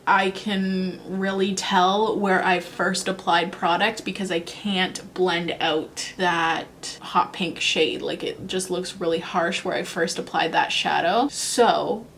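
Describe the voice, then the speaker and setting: The young beauty vlogger's lowish voice stays steady and fairly bright as she speaks slowly with few pauses. She chats casually through a makeup review, second-guessing herself as she thinks aloud, over a little hiss or hum.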